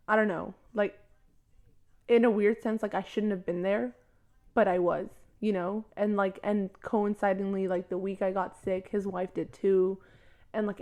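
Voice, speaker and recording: A young woman guesting on a casual chat podcast. She tells personal stories in a loose, rambling way, dropping "like" everywhere and laughing often. Her voice sits at an ordinary middle pitch for a woman. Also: darkish tone. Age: young adult. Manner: storytelling, laughs often, many "like" fillers.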